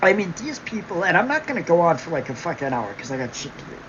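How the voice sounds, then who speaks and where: A woman's voice: lowish voice, big pitch swings, quick pace, a little hiss or hum. A woman hosting a livestream, ranting angrily at her viewers, mocking them with sarcasm and constant swearing. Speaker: livestream host. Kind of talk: profane livestream rant. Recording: dull lo-fi stream audio.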